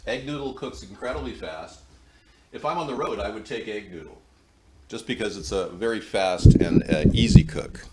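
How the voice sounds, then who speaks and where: On the low side and animated, this fifties-aged home cooking show host chats at a moderate pace while cooking in his kitchen, wandering off into folksy asides. The close-up wired mic recording is noisy.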